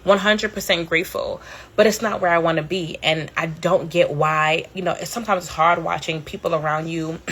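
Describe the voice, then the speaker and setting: A podcast host in her thirties chats candidly and casually with a live-stream audience, rambling, swearing, and using lots of fillers as she tells stories. Her voice is lowish and a bit bright, with a steady tone, a breathy edge, and a normal speed.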